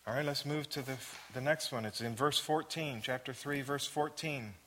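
A man's voice: mid-range voice, moderate pace, sharp tone, in a large hall, a little hiss or hum. A man leading a Bible study, reading verses aloud, asking the listeners questions and repeating phrases for emphasis. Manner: reads scripture aloud then asks the listeners questions.

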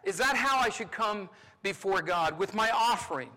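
A male pastor from North Carolina preaching a sermon, swinging between loud exclamations and hushed asides. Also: sits high, lively intonation, normal speed. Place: large church sanctuary. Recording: long hall reverb.

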